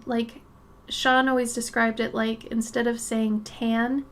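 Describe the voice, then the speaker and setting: A woman's voice: a little high, little pitch movement, a little slow. Chatty woman streaming while drawing. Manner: chatty, thinks aloud, reads chat, drifts into soft murmurs. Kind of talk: casual chat while drawing.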